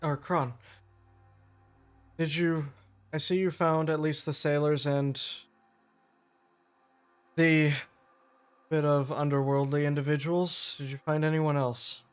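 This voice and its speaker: A man voicing a measured, stately king in a tabletop game. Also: fairly high pitch, level tone, clear, resonant tone, soft background music.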